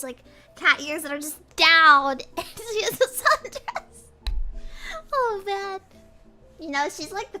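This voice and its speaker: A young woman with a high, bright, sharp voice chats away on a livestream. She rambles and giggles while reading chat aloud, and soft music plays faintly behind her. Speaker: pirate cat vtuber streamer.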